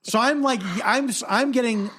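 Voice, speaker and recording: Guy with a high-ish voice telling a wild story on a podcast, goes from mumbly to yelling. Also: normal speed. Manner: animated storyteller, swings from low mutters to near-shouting. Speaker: podcast co-host. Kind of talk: casual chat, storytelling.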